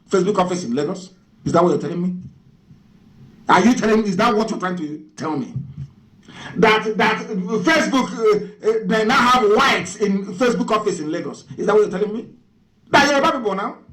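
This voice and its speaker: A man's voice: high voice, fairly bright tone, rough recording. A Nigerian man giving an impassioned radio address, firing off mocking rhetorical questions. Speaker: radio broadcaster.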